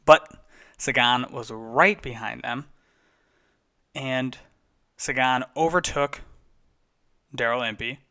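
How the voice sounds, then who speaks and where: A man's voice: medium pitch, slow pace, pauses often, bright, forceful tone, smooth. A man casually recapping bike races as a podcast host, chatty and enthusiastic, sometimes correcting himself. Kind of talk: casual race recap commentary.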